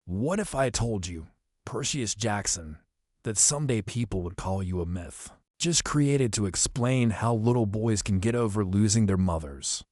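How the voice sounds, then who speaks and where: Guy doing a wise old centaur teacher, low voice, measured and calm, storybook reading. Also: no room sound, studio quality.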